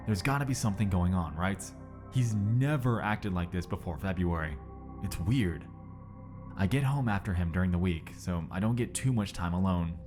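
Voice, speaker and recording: Throughout this read-aloud story narration, clear background music sits under the narrator. He's a man whose voice is low and deep, and he keeps an even, measured tempo.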